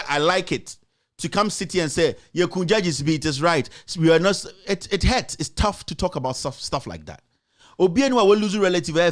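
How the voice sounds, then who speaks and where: A Ghanaian man hosting a talk show, his high voice rising as he pushes his point with passion. He repeats his lines and fires rhetorical questions straight at his critics. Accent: Ghanaian English. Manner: passionate, repetitive, rhetorical, addressing critics directly. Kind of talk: impassioned political commentary.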